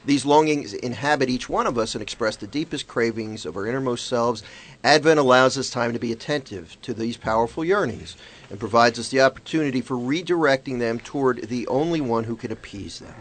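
Laughing Christian radio host. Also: male voice, medium pitch, brisk. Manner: laughs often, reads scripture and meditations in a calm, earnest voice. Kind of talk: casual morning radio chat and devotional reading. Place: radio studio.

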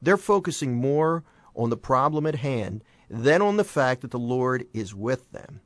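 A man's voice: mid-range voice, expressive, a little slow, no room sound. A man hosting a music program who teaches from the Bible in a plain, conversational way, asking rhetorical questions and adding folksy asides. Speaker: host and preacher.

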